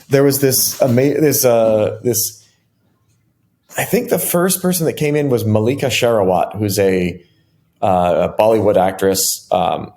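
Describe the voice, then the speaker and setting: A middle-aged man with a fairly low voice, telling stories as an interview guest. He talks in a loose, animated way, circling back with fillers and restarts as he goes. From United States. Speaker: interview guest, software engineer. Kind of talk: casual storytelling interview.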